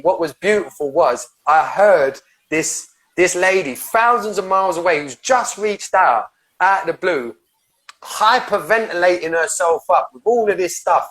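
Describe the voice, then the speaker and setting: Fired-up man, swearing soul coach. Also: on the high side. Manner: passionate and emphatic, swears freely; rambling, with restarts and repeated words. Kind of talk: podcast conversation about breathwork.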